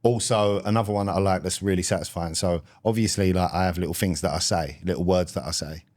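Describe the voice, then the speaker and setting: A young man talks in a lowish voice, laid-back and full of slang. He spins everyday stories on a casual comedy podcast. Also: steady tone, fast, darkish tone. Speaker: podcast host.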